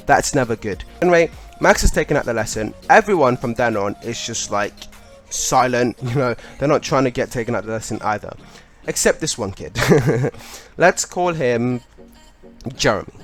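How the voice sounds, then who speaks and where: A man's voice: medium pitch, lively intonation, normal speed, faint music behind. A young man casually telling a funny school story, laughing as he goes. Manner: chatty, laughing, lots of "like".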